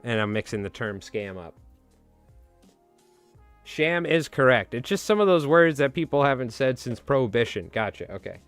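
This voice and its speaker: A man's voice: medium pitch, lively intonation, fairly quick, few pauses, clean tone, soft background music. A man chatting casually on a live stream while tying flies, rambling and joking at his own expense. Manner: rambling, self-mocking, joking.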